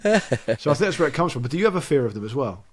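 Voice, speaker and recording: Quick-talking guy cohosting a chatty podcast, always asking stuff. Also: medium pitch, very animated. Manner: quick and curious, asks lots of questions. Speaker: podcast co-host. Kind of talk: casual chat.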